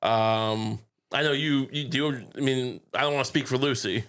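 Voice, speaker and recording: A man's voice: medium pitch, moderate pace, fairly bright tone, clear, resonant tone. A man co-hosting a podcast in casual comedic chat, rambling and joking, slipping into goofy impressions. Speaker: podcast co-host.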